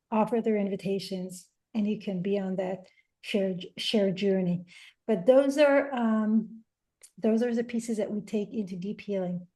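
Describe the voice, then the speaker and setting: A woman who is a guest on a podcast, speaking gently and reflectively about parenting, often restarting her phrases. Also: mid-range voice. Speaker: interview guest, parenting coach. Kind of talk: reflective interview talk.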